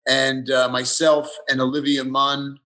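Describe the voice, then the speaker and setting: A man, chatting as a guest in an interview, halting and easygoing. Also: medium pitch, level tone, pushed and bright. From the Bronx, New York. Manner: halting, restarts often, easygoing. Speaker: guest actor. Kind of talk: casual interview chat.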